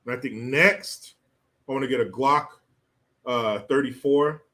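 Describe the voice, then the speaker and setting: Profane ranting man with a bright voice. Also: medium pitch, a little slow. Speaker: host. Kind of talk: political commentary rant.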